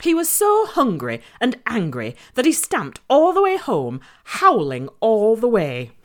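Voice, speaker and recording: A woman reading a children's story aloud in an expressive, playful way. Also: fairly high pitch, a little slow.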